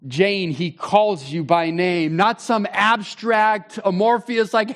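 A man in his thirties preaching a sermon as pastor, conversational and animated with sudden loud bursts. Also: high voice, takes it slowly.

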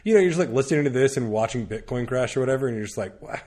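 A man's voice: medium pitch, animated, rapid-fire, a little mellow. A man chatting casually on a podcast, rambling with lots of fillers and restarts, laughing now and then. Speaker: podcast guest recommending media. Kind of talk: casual chat.

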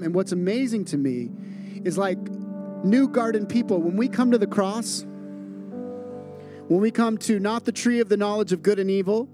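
A man's voice: high-pitched, animated, normal speed, pauses often. A man preaching a sermon as a pastor, earnest and repeating phrases for emphasis. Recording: music playing underneath.

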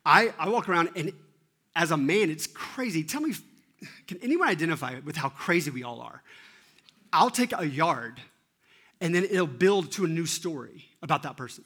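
A man in his thirties giving an animated, self-deprecating sermon and often asking the audience questions. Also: on the high side, moderate pace, slightly rough. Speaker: teaching pastor.

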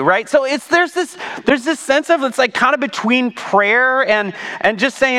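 With a very high-pitched, bright, forceful voice, this male pastor preaches at a moderate pace and barely pauses. His sermon is chatty, full of rhetorical asides and questions, with "right?" tossed in often. Long reverb from a big hall colors the sound.

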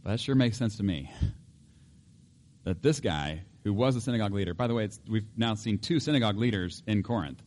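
A middle-aged pastor preaching a sermon in an animated, joking way, acting out voices and laughing often. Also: male voice, fairly low pitch, a little fast.

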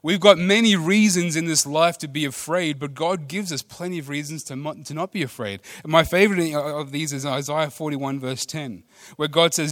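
A man preaching a sermon, swinging between loud emphatic lines and hushed ones. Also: on the high side, moderate pace, no room sound, clean studio sound. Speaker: pastor.

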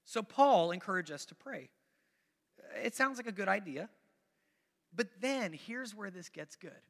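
A male pastor with a high voice delivers a sermon, chatty and repetitive, often doubling back on his phrases and urging the congregation to follow along. His bright, forceful tone carries through a big room with a long, ringing reverb. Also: expressive, measured pace. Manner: conversational, repeats phrases for emphasis; coaxes the congregation to join in.

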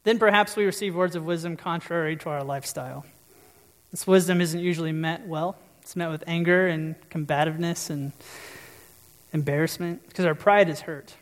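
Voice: medium pitch, fairly even intonation, normal speed. A preacher giving a conversational sermon, often checking in with the audience with questions. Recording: long reverb.

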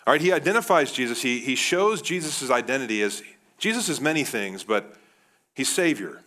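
A man in his thirties preaching a sermon as pastor, animated, often calling his listeners "guys". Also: medium pitch, normal speed. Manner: animated, addresses the crowd as guys.

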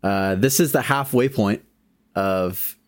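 A man's voice: on the low side, takes it slowly, no echo, studio quality. A young man hosting a casual podcast chat, speaking with a morning voice and laughing easily. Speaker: podcast host.

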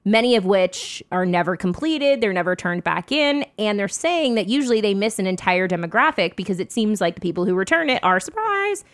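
A woman's voice: mid-range voice, sing-song, fairly quick, hardly any pauses, dry recording. A young woman co-hosting a casual podcast, chatty and laughing often as she reads out news items. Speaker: podcast co-host. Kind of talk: casual chat.

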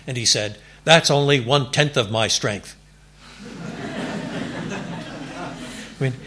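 A man preaching a sermon in a church, animated and building to emphatic declarations. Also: mid-range voice, husky. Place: church before a congregation.

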